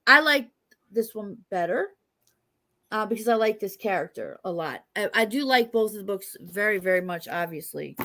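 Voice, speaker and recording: A woman with a New York accent, originally from New York, runs a casual chat interview in a joking, rambling, talkative style. Her medium-pitched voice sounds pushed and bright.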